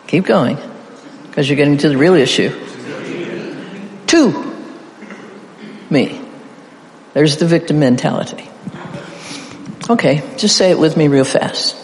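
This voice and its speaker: A middle-aged man with a slightly high voice preaches an interactive sermon at normal speed, leaving long pauses as he playfully leads the audience through call-and-response repetitions. The hall is echoey with faint ambience.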